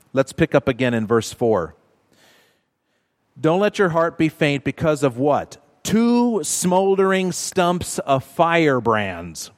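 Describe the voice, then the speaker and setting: Earnest preacher in an echoing hall. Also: male voice, medium pitch. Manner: earnest teaching, repeating short commands slowly. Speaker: pastor. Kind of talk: sermon. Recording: long reverb of a large hall.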